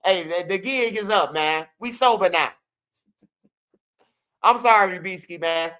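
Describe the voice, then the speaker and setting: A man's voice: high-pitched, unhurried, sharp tone, clean tone. A man ranting loosely and bluntly in casual street news commentary, repeating himself and mocking rap lines. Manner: loose, blunt, profane rant with repeats and mock rapping. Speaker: commentary channel host.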